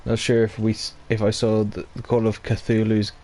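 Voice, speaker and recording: A man's voice: lowish voice, completely flat delivery, moderate pace, mellow. A man hosting a let's play, commenting casually with jokes and rambling asides. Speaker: gaming channel host.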